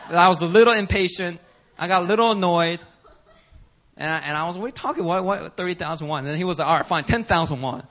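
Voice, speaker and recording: A man preaching a sermon as pastor, telling a story animatedly with laughter and sudden shouts. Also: sits high, fast talker. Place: church service.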